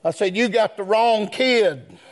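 A man preaches a sermon in a whooping, chanted style, swinging between quick low asides and long, drawn-out shouted phrases. His speech is folksy, and he calls out to the "brethren."

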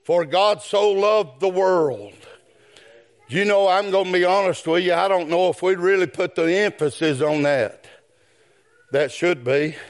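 A man preaching a sermon, swinging from shouted chanted phrases down to low spoken asides. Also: unhurried.

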